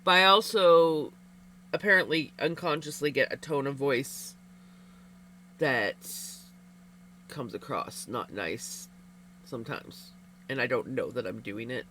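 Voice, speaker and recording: A woman's voice: extremely low pitch, unhurried, long pauses, bright, forceful tone, slight background noise. A woman livestreamer chatting casually with viewers while knitting, candid and rambling, laughing often.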